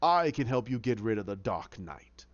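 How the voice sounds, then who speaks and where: A man doing a low, slow, scheming villain. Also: sing-song. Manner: low, slow and measured, drifting to a whisper. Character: cold scheming male villain, calm and menacing. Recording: dull lo-fi dry recording.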